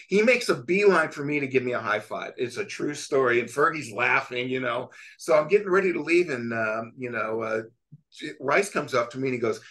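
Guest storyteller, middle-aged man, animated and rambling, mid-range voice. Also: mid-range voice, brisk. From California. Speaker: guest, sports photographer. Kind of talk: casual storytelling chat.

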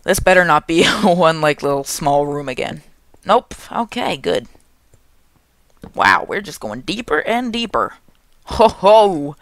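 Young guy doing let's play commentary, gravelly voice, goofy and excitable, talks back to the mobs. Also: a little high, a little slow, dry recording, studio quality. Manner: excitable, jokey, talks to game monsters. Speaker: gaming channel host.

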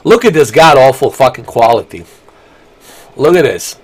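A man's voice: mid-range voice, big pitch swings, normal speed, husky. A man, ranting angrily and profanely while live-streaming a game. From Bosnia. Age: 40s. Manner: angry, profane, combative.

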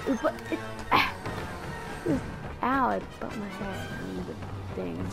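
A woman talks through a video game session in an unhurried, drawn-out way, teasing and scolding the players who shoot at her. Her voice carries a gravelly vocal fry. Loud game music plays behind her. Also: medium pitch, wildly swooping pitch. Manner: playful, taunts enemies out loud. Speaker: gamer. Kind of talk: casual gameplay commentary.

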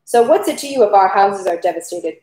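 A resentful peasant man, read by a woman, yelling and defiant. It stays near her everyday reading voice. The room around it is echoey. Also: fairly high pitch, expressive, quick pace, close to an everyday voice. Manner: yelling accusations. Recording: roomy echo.

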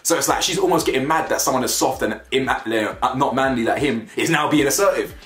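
This man reviews reality TV, offering casual, opinionated takes that are blunt and full of slang, with plenty of repetition for emphasis. He speaks a little fast in a medium-pitched, slightly bright voice; the room echoes and faint music plays.

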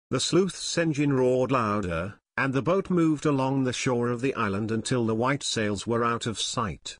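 A man narrating an unabridged adventure audiobook in a steady, measured reading voice. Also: medium pitch, no room sound, studio quality. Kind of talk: scripted narration.

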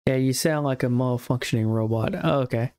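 A man's voice: medium pitch, brisk, darkish tone, clear, resonant tone, no echo. A young man streaming a game, muttering to himself as he checks items and fixes his stream. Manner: muttering to himself while browsing. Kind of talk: casual live-stream commentary.

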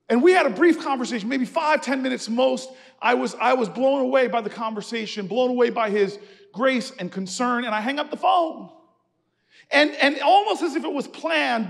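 A man giving a preacher-style keynote speech in a church, telling a story that builds to shouted, rhythmic refrains. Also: extremely high pitch, gravelly. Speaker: keynote speaker. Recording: reverberant church hall.

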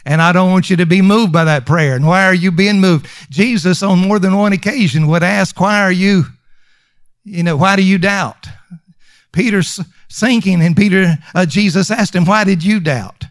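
High-voiced emphatic preacher man. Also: moderate pace, dry recording. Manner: emphatic, repeats lines for stress; conversational with fillers and restarts. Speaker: pastor. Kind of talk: sermon.

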